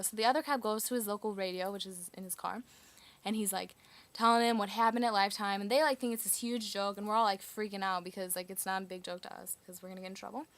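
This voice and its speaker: A woman's voice: mid-range voice, fairly even intonation, fast, a bit bright, no room sound. Chatty woman telling a story. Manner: chatty, lots of "like" fillers. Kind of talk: casual personal storytelling.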